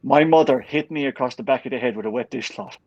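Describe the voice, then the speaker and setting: A middle-aged Irish man telling a lively story in a casual chat. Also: mid-range voice, fast talker, no room sound, dull audio. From Ireland. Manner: animated anecdote-telling with laughs.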